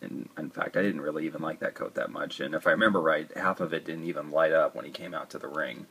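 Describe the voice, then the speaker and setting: A man talks through a toy review in a loose, rambling way, tossing in joking asides. His voice sits low and has a husky grain. The delivery stays easygoing and conversational. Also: fast, fairly bright tone. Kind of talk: casual review talk.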